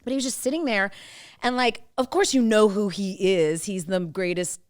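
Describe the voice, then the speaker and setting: A woman's voice: medium pitch, normal speed, dry recording, studio quality. A woman co-hosting a podcast, telling stories in a gushing, casual way with many fillers. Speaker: podcast co-host. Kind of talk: casual chat.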